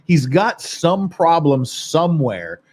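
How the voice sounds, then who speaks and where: A man's voice: on the high side, very animated, slow pace. A man hosting a podcast, casually reading and reacting to viewer comments in a rambling, blunt way, with frequent swearing and laughter. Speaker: podcast host.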